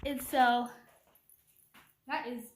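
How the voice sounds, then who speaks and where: Rambling high-voiced woman in an echoey room. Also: steady tone, very slow. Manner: rambling, heavy use of "like" and "you know". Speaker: vlogger. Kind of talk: casual storytime rant. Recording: echoey room, from a distance, faint noise.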